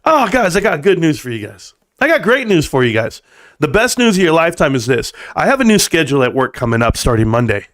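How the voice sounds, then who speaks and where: A man's voice: fairly high pitch, quick pace, no room sound. Fired-up man ranting on a live stream. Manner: fired-up, swings from calm to loud and emphatic; blunt, swears freely. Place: room at home.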